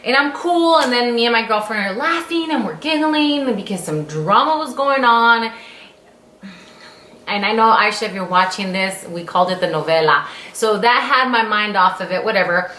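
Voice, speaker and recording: A woman's voice: a little high, animated, moderate pace, sharp tone, reverberant. A young adult woman vlogger telling a personal story in casual, candid speech, acting out her own exclamations and swearing freely.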